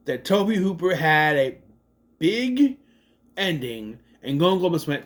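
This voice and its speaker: Male movie reviewer, casual recap, animated delivery, pitch slightly high and very lively. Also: takes it slowly, long pauses. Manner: animated, swears, mocks scenes in exaggerated voices.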